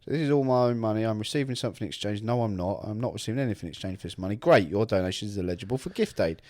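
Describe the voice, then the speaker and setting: A man's voice: fairly low pitch, animated, very fast, darkish tone. A man from England, co-hosting a podcast in casual, sweary banter full of teasing and mock outrage. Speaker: podcast co-host. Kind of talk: casual chat.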